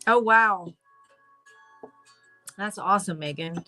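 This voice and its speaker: A woman giving a casual spoken tarot reading, excitable and rambling with many restarts. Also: medium pitch, slow pace, faint music behind. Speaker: tarot reader.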